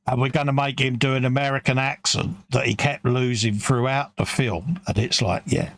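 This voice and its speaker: Gravelly, laid-back British man. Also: medium pitch, fairly even intonation, moderate pace, a bit bright. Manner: laid-back, lots of agreeing yeahs. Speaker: co-host of a live painting stream. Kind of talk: casual chat.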